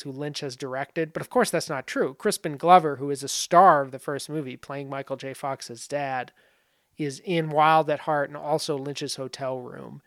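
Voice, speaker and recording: A man's voice: on the high side, a bit bright, no room sound, studio quality. A man casually talking through film comparisons, rambling with many fillers and asides. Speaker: film commentary host. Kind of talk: casual spoken film analysis.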